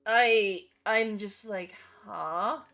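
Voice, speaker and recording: A woman's voice: medium pitch, sing-song, a little slow, crowd noise. A woman hosting a casual online chat, playful and teasing, swearing freely. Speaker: host.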